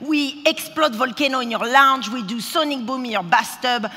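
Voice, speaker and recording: A woman speaks from a conference stage in a bright, forceful voice. Her delivery is playful and chatty, and she teases the crowd. A long hall reverb trails her words. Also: sits high, moderate pace. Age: 30s. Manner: playful, chatty, teasing the audience. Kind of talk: live stage talk. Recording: hall reverb from a large venue.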